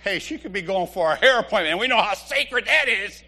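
A man in his fifties giving a humorous church testimony, an animated storyteller who laughs often. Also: sits high, fairly quick.

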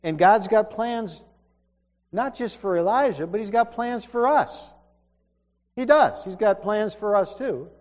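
A man's voice: sits high, measured pace, darkish tone. A man preaching a sermon, earnest and emphatic, often restarting his sentences. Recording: dull reverberant hall recording.

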